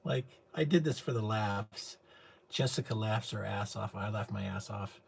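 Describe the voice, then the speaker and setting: Low, rambling male host, casual stream chat, faint hum behind. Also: normal speed, creaky. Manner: rambling, hesitant, full of fillers. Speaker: show host.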